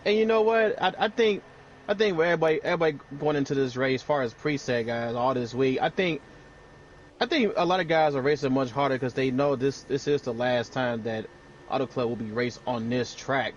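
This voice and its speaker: A man giving relaxed color commentary on an online sim race, often stammering and repeating words. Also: medium pitch, brisk, muffled recording, slight background noise.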